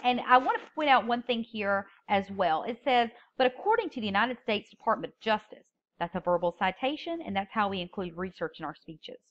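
A woman's voice: medium pitch, lively intonation, brisk, hardly any pauses, fairly bright tone, muffled recording. Woman lecturing on public speaking. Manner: explains step by step, stresses key words when reading examples. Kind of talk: recorded lecture.

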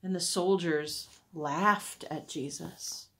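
A woman on a church staff reading a Bible story aloud to children, expressive and asking wondering questions. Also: on the low side, slow pace, slightly rough.

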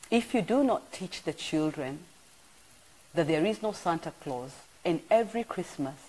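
A middle-aged woman with a Kenyan accent, preaching a sermon in an animated storytelling way that swings between loud and soft. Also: on the low side, poor audio. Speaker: pastor. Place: church broadcast.

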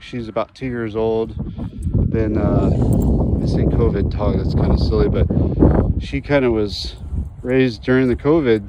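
A man from Oregon filming himself training his dog outdoors on a handheld phone, talking quietly to the camera and calling out high and excited to the dog. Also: slight background noise. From Oregon, USA. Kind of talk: casual vlog narration. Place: outdoors, playing fetch with a dog.

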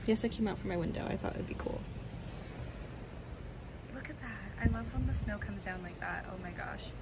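A woman's voice: medium pitch, normal speed, very noisy. A young woman vlogging casually at home and out in the snow, gushing and full of fillers. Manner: chatty, gushing, many fillers. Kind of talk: casual vlog chat.

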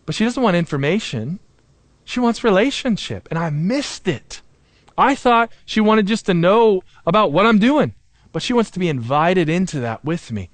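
A male pastor delivering a sermon in a fairly high voice, recorded close and dry with no room sound. He speaks earnestly, slowing and sinking lower for emphasis, and drops in self-deprecating humor. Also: lively intonation, no room sound. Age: adult, married with young children.

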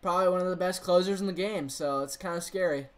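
A man's voice: high voice, fast. A young man streaming a baseball video game, commenting casually on his play and reacting to the game and his chat. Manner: excitable, talks to the game and chat, frustrated outbursts. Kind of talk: live gameplay commentary.

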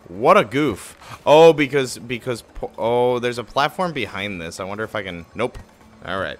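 A man giving live commentary while he plays a game. He is excitable, swears a lot and mocks his own mistakes. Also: mid-range voice, moderate pace. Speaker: game streamer.

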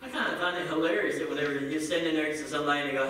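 A man preaching a sermon as pastor, joking with the congregation and acting out quick bits of everyday dialogue. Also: on the high side, pushed and bright, a little hiss or hum. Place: church sanctuary. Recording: echoey room, picked up from a distance.

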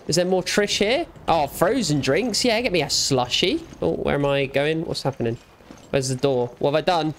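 Gamer, young man, slightly high voice, cheeky running commentary with faint background noise. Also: animated, a little fast. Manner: jokey, teasing, talks back to game characters. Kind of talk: let's play commentary.

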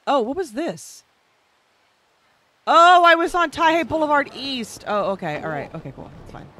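A man streaming a video game, giving casual, excitable commentary that swears a lot and shouts sound effects during fights. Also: very high voice, moderate pace.

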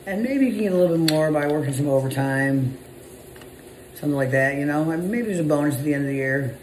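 A man's voice: on the high side, fast, darkish tone, echoey room, a little hiss or hum, poor audio. A man, a business owner, giving a blunt, casual motivational monologue full of swearing. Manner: blunt, profane, conversational.

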